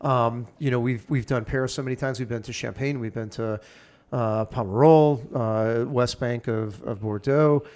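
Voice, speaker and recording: Male podcast guest, excitable big-ideas talker, middle pitch. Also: normal speed. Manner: enthusiastic, rambling, piles up plans. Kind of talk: casual chat.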